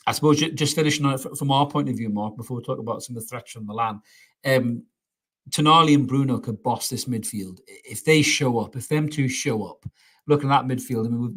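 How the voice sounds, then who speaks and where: A man's voice: mid-range voice, a bit bright. A man co-hosting a football podcast, chatting casually and joking with his co-host. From North East England. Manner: chatty and jokey, says mate.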